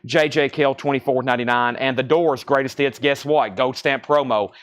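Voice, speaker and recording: In a record shop, a Southern-accented American man auctions records over a live stream, listing titles, conditions and prices in quick succession. His pitch is medium and his tone steady, with a slightly fast pace.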